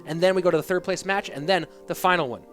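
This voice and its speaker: High-voiced male esports caster. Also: fast. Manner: casual, joking banter with chat. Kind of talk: live stream game commentary. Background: music.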